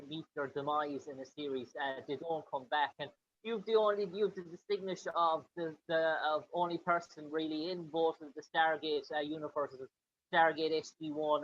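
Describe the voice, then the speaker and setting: A man hosting an interview, asking long, halting questions with many pauses. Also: fairly high pitch, a bit bright, dull audio, a little hiss or hum. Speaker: interviewer host.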